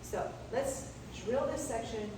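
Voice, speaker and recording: A woman's voice: fairly high pitch, slow, distant mic, background noise. A woman dance instructor counting and cueing steps in rhythm as she leads a class. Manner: rhythmic, calling out steps in time. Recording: echoey room, mic from afar.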